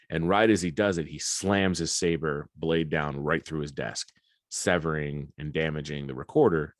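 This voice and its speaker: A man's voice: extremely low pitch, dry recording. A man hosting a podcast in casual chat, rambling and swearing with enthusiasm at a close mic. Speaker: podcast host.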